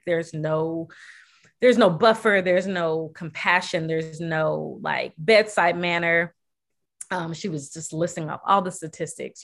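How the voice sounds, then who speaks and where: A young woman candidly recounting a personal story, using many fillers and acting out what people said. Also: low-pitched. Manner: candid, filler-heavy, acts out quoted voices. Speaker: guest sharing personal story.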